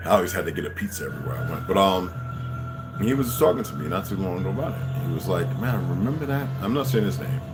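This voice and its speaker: A middle-aged man telling a rambling, profane story that turns into a loud rant. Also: low voice, expressive, quick pace, over loud music. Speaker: channel host telling stories.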